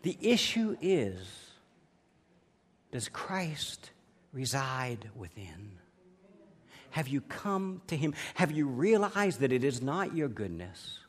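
A man's voice: mid-range voice, very animated, slow, breathy edge. A man preaching a sermon as pastor, emphatic and telling anecdotes with a chuckle. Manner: preachy, emphatic delivery with rising and falling volume.

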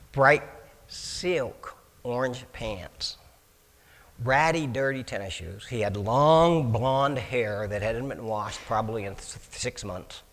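A man's voice: mid-range voice, big-room sound. A man telling his personal testimony in a folksy way, repeating and restarting words and acting out the dialogue in his story. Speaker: speaker giving his testimony.

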